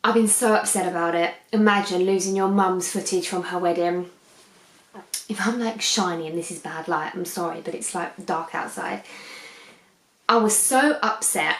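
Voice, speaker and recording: A woman's voice: on the low side, normal speed. A young woman in her twenties chatting casually in a beauty vlog, rambling and often drifting off topic as she sits on her sofa at night. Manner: rambling, keeps digressing. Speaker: beauty vlogger. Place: living room, on a sofa, at night under a harsh light. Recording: echoey indoor room.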